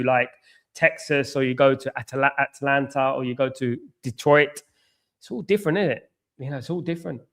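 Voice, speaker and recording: Rambling English man hosting a watchalong. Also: medium pitch. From England. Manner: rambling, repeats himself, many fillers and restarts. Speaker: watchalong host. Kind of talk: casual live chat reacting to a match and reading comments.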